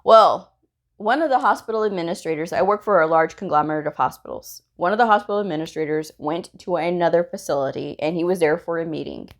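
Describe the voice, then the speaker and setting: A woman's voice: lowish voice, quick pace. Chatty woman teaching, laughing easily. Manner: chatty, laughs often, retells dialogue. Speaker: medical coding educator. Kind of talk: casual instructional talk.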